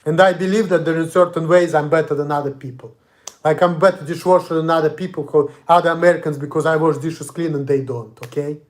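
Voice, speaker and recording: A man's voice: a little high, steady tone, fast talker. Angry ranting man with a Russian accent. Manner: profane, ranting, confrontational. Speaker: vlogger. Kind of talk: angry monologue.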